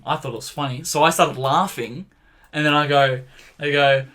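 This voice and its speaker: A man's voice: on the high side, steady tone, moderate pace, bright, forceful tone. A young man co-hosting a podcast, chatting casually, swearing freely and acting out the quotes in his stories. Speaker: podcast co-host. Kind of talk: casual chat.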